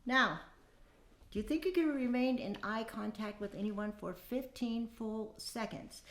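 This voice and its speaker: A woman in her fifties hosts a casual dating-advice podcast talk, speaking at normal speed in a voice a little on the high side. She is chatty and folksy, full of fillers and asides, and the room sounds echoey.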